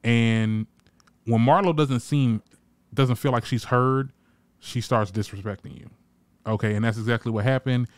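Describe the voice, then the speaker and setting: A man with a medium-pitched voice recaps a reality TV episode at a moderate pace, with no echo on the recording. He's a reality TV reviewer whose casual commentary is sassy and blunt, full of free swearing, and he animatedly acts out the cast's quoted lines.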